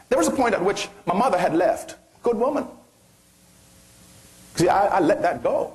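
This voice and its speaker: A man's voice: high voice, expressive, normal speed, long pauses, darkish tone. A man giving an impassioned motivational speech to an audience, pressing his points with rhetorical questions and sweeping rises and falls in his voice. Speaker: motivational speaker.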